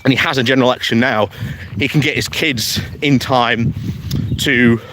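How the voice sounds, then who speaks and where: A man's voice: medium pitch, moderate pace, fairly bright tone, a little hiss or hum. Chatty man vlogging on a country walk. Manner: chatty, breaks into chuckles, reads out viewer comments. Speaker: political vlogger hosting a live stream. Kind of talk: casual political commentary on a morning walk.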